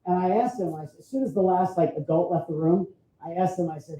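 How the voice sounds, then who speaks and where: Male photographer, storyteller at an expo, very dark voice, echoey dull recording. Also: sits high, fast. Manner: chatty, frequent "right?" tag questions. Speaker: photographer giving an expo talk. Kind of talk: storytelling presentation. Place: expo hall stage. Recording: roomy, dull sound.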